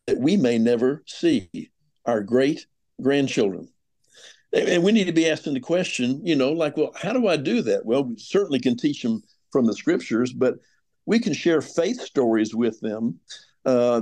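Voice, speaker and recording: An older man speaks as a podcast guest over a remote call. His voice is mellow and dark. He talks earnestly and in an exhorting way, at a middle pitch. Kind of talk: earnest ministry talk.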